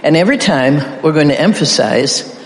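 A man's voice: on the high side, animated, normal speed. A middle-aged man preaching an interactive sermon, playfully leading his audience through call-and-response repetitions. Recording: echoey hall with faint ambience.

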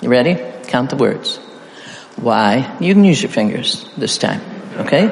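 A man's voice: mid-range voice, big pitch swings, moderate pace, gravelly, slight background noise. A middle-aged man preaching an interactive sermon, playfully leading his audience through call-and-response repetitions. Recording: echoey hall with faint ambience.

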